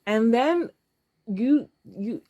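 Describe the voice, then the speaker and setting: A woman's voice: a little high, expressive, extremely slow, mellow, no room sound. A woman in her thirties, talking casually and emotionally to camera while counting cash aloud. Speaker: vlogger.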